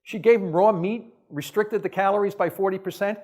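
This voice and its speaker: A man's voice: high-pitched, steady tone, brisk, a little mellow. A man giving a science lecture to an audience, emphatic and exasperated, firing off blunt rhetorical questions in casual, off-the-cuff phrasing.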